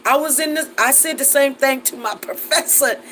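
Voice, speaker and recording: A woman in her forties with a high-sitting, fairly bright voice hosts a casual live chat at a moderate pace, reading viewer comments and laughing often. She talks in a chatty way with Southern Black American vernacular, and the poor audio carries a bit of hiss or hum.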